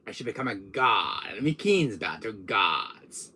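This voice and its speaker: A man's voice: on the low side, sing-song, pushed and bright, husky, voice pushed down, full character voice. A man putting on a drawling British villain. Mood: grandiose. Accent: put-on British. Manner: slow, drawling, taunting delivery. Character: cold, menacing adult male villain mastermind.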